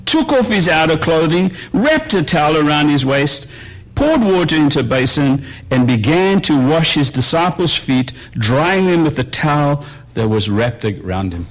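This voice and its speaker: Lively, conversational male preacher. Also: fairly high pitch, moderate pace. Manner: conversational preaching, swings between soft musing and raised emphasis. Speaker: pastor. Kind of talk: sermon.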